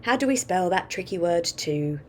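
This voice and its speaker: A woman's voice: on the low side, animated, normal speed, darkish tone, a little hiss or hum. A woman teaching a phonics lesson, patiently dictating a sentence word by word and coaching children on spelling. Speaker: primary school teacher.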